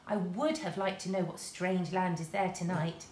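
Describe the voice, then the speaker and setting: A woman's voice: fairly low pitch, steady tone, normal speed, darkish tone, lightly acted. A woman voicing a sensible, earnest young girl from a storybook. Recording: roomy echo.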